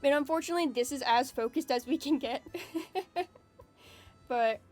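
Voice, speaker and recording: A woman VTuber streamer chatting casually on a live stream, excitable and emotional, swearing freely as she reads viewer messages. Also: high voice, normal speed, faint music behind.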